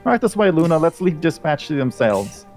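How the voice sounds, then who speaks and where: A man doing a high, bubbly cheerful cop. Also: very animated, normal speed, darkish tone, soft background music. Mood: chatty. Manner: bubbly, chatty, upbeat. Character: cheerful, friendly canine police officer.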